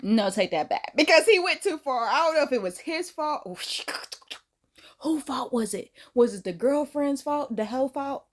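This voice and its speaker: Animated, sassy woman reacting to a clip. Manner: animated and sassy, slangy, quick jumps into high put-on voices. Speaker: reaction video host. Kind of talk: casual commentary on a clip.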